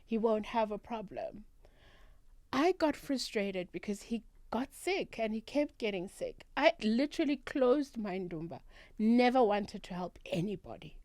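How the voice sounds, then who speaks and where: A woman's voice: on the high side, measured pace, no echo. Emphatic South African woman recounting. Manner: animated, emphatic retelling. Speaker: guest, traditional healer. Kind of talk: candid storytelling interview. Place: radio studio.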